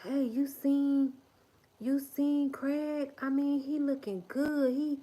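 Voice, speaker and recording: A woman voicing an excited acquaintance who spreads gossip in an eager, drawn-out voice. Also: sits high, voice pushed up.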